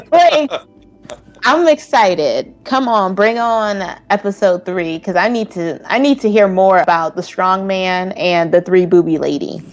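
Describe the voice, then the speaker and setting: A woman's voice: mid-range voice, lively intonation, slow. A woman co-hosting a podcast, talking in a sassy, slangy, laughing way about a TV show. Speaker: podcast co-host. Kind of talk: casual TV recap chat. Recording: muffled lo-fi audio with faint music.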